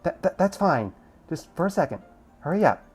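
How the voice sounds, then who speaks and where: A man voicing a short-tempered, bratty teenage girl in a visual novel, with shrill, squeaky outbursts. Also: big pitch swings, moderate pace, a little mellow, husky, soft background music. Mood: flustered angry.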